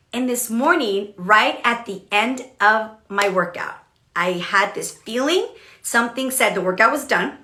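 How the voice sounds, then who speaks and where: A woman giving a chatty, animated motivational livestream talk as a business coach, with frequent "okay" and "like" fillers. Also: on the high side, roomy sound. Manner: animated, chatty, many okays and likes.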